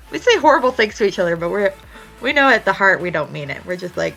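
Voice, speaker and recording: A woman's voice: mid-range voice, fast talker, gravelly, faint music behind, rough recording. A young woman chatting casually while she draws on stream, telling stories with lots of swearing. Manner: chatty, swears freely, animated storytelling. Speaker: art streamer. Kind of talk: casual chat while drawing.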